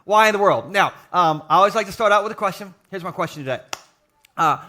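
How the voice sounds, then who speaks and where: A middle-aged man, a pastor, preaching a jokey, animated sermon to a live congregation in a church. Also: sits high, fast. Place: church sanctuary with live audience.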